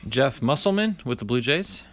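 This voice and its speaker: Very animated at a normal speed, a man with a medium-pitched, fairly bright voice opens a pack of cards on his vlog. His casual commentary lists each card name aloud, and he talks to live viewers by name.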